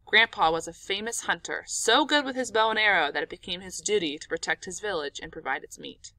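A woman narrating an audiobook in an expressive, dramatic storytelling manner. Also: medium pitch, brisk, no echo.

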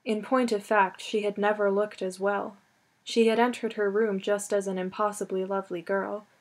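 A woman reading a novel aloud as an audiobook, in measured, steady storytelling narration. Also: medium pitch. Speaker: audiobook reader. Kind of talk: scripted narration.

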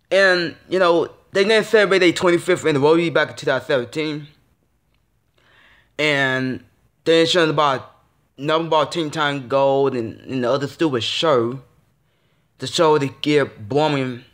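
A young man with a somewhat high-pitched voice vents in a casual vlog rant. He swears often, repeats himself and stumbles through restarts, sounding frustrated throughout. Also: measured pace, long pauses, fairly bright tone. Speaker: vlogger.

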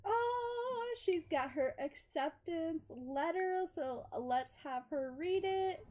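A woman's voice: high voice, takes it slowly, mellow. A woman giving casual commentary while playing a life-sim game, chatting to her character and laughing often. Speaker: gameplay commentator.

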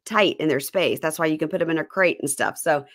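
Wry woman with a low voice. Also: brisk, no echo. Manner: wry, quotes people in put-on voices. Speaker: podcast host. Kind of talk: casual chat.

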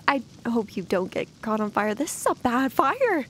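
A woman giving casual let's-play commentary, excitable and chatty as she talks to her viewers. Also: on the high side, moderate pace, a little hiss or hum. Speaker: gameplay commentator.

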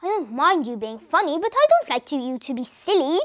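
Sharp-tongued elderly wife, read by a woman; fussy, indignant, storybook. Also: high-pitched, very animated, fairly quick.

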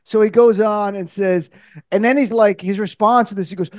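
A man hosting a radio talk show in a studio, animated and joking, often laughing through comedic political banter. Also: high-pitched, moderate pace, no room sound.

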